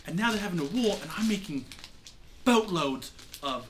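A man's voice: high-pitched, lively intonation, normal speed, a little hiss or hum. A man voicing a bossy, impatient male pirate mentor who scolds bluntly in a tabletop game. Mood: exasperated. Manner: blunt, scolding, calls others brat and child.

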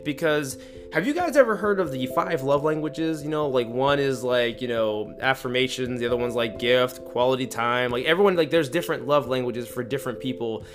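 A young man hosting a podcast, telling a story in casual chat, animated and slangy, acting out the lines he quotes. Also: mid-range voice. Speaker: podcast host.

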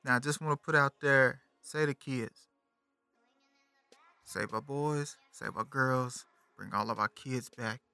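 A man's voice: medium pitch, unhurried, vocal fry, smooth, no echo, soft background music. A man in his thirties, a podcast host, talking about a movie in a casual, slangy way, often turning to the listener. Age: 30s. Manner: animated, slangy, talks to the listener. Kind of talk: casual movie review chat.

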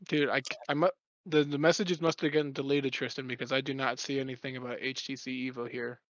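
A man's voice: mid-range voice, level tone, fast, fairly bright tone, dry recording. A young man telling a story in a casual chat, rambling and swearing often. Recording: dull lo-fi recording.

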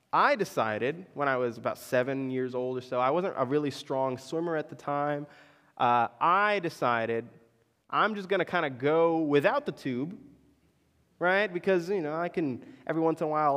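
A man's voice: a little high, in a large hall. A man preaching a sermon, telling stories and checking in with his listeners with "right?" after many lines. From Florida, US. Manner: storytelling, keeps checking in with "right?". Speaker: pastor.

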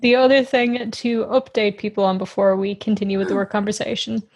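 A young woman in her twenties, co-hosting a podcast in relaxed, casual talk and laughing easily. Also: medium pitch, brisk. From Ireland. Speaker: podcast co-host. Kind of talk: casual chat.

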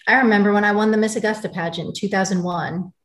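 Speaking fast with fairly even intonation and a medium pitch, this American interview guest in her forties tells her story angrily, intensely and bluntly. The emotional interview is captured with a roomy echo.

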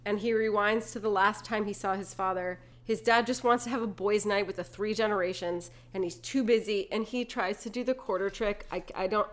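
A young woman co-hosting a podcast, casually retelling movie scenes with lively, laughing asides. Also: medium pitch, brisk, hardly any pauses. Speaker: podcast co-host. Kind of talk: casual movie recap chat.

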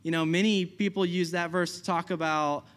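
Young male preacher, higher voice, chatty sermon delivery, keeps asking the room "right?". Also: steady tone, moderate pace, a bit bright. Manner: casual, conversational preaching with frequent "right?" and laughs.

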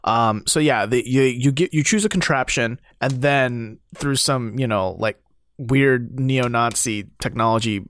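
A man in a casual game discussion, excitable, laughing often and swearing now and then. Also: medium pitch, measured pace, no room sound.

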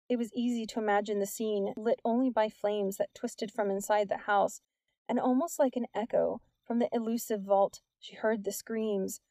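A woman reading an audiobook in a measured, even narration. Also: mid-range voice, no room sound. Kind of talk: scripted narration.

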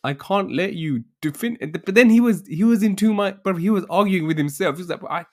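A man's voice: high-pitched, brisk. Slangy man telling a story. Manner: animated storytelling, slangy, acts out quotes. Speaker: podcast co-host. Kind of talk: casual chat.

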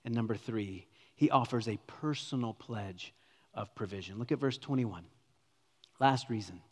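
A man preaching a sermon as pastor, swinging between loud emphatic lines and hushed near-whispers. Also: lowish voice, normal speed. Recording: long reverb of a large hall.

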